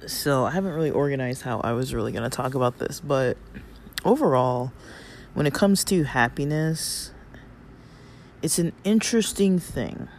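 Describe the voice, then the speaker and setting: A man talking casually to his viewers in a slightly hoarse voice, rambling with many fillers as he muses. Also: mid-range voice, moderate pace. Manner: rambling, lots of fillers, loses his thread. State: hoarse, throat-clearing. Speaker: vlogger. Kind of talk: casual reflective talk to viewers. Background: faint fan hum.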